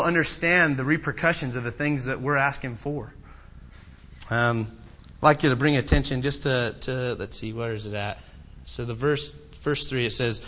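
A man preaching a sermon, swinging between loud, impassioned pleading and quiet, personal storytelling. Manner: impassioned, rising to loud pleading then dropping low and personal.

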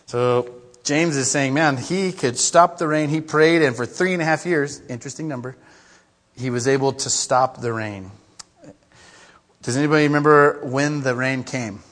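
A man's voice: medium pitch, normal speed, a bit bright. A man preaching a casual sermon in a conversational, chatty way, full of asides, reading scripture aloud. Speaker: pastor. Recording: reverberant hall.

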